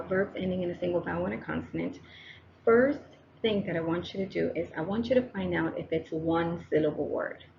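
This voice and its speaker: A woman's voice: fairly low pitch, creaky, highs cut off, a little hiss or hum. A woman teacher talking straight to her students on a close microphone, encouraging them and repeating each step. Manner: encouraging, talks to students directly, repeats steps. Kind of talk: recorded classroom lesson narration.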